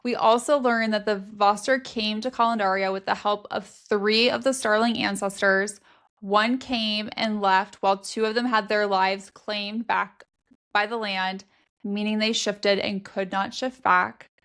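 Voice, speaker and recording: A young woman co-hosting a book podcast, summarizing the story in a steady, matter-of-fact way. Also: mid-range voice, unhurried, clear, resonant tone. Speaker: podcast co-host. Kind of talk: casual book recap chat.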